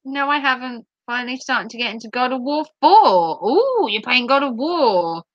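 A woman's voice: high-pitched, big pitch swings, moderate pace, few pauses, pushed and bright, no room sound, muffled recording. A woman hosting a live stream, reading out viewer comments in a giggly, playful chat. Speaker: livestream host.

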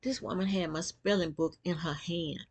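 A woman vlogger telling a personal story to camera, animated and acting out quotes. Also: on the low side, normal speed.

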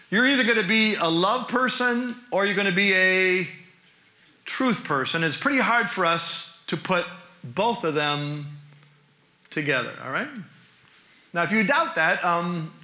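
Fields: Man, high sharp voice, roomy hall. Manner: animated, with frequent rhetorical questions. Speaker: New Testament professor. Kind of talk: church teaching lecture. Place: church hall.

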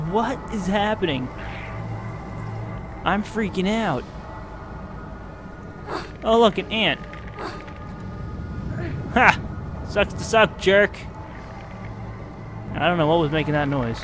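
High-voiced guy playing a game, really animated, unhurried, game music in the background. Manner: excitable, swings from muttering to yelling. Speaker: gaming video host. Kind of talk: playthrough commentary.

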